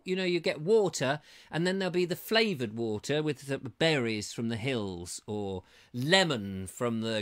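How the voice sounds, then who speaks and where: Playful rambling English man, bright voice. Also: mid-range voice. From England. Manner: rambling, jokey, playful wordplay. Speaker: host reading live chat comments. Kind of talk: casual chatty livestream.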